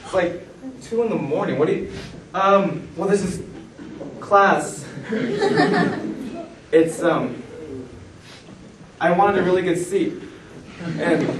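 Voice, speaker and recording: A man telling stand-up stories on a comedy club stage, animated and acting out the people in them. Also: a little high, distant mic. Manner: animated, acts out quoted voices. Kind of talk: stand-up storytelling. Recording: roomy club sound from afar, noisy. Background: club audience laughter.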